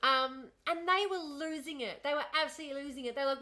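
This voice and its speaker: Her voice sits high and bright with a forceful tone, a little fast and hardly pausing. This livestream host, an Australian woman in her thirties, rambles casually, responds to the chat, and laughs a lot.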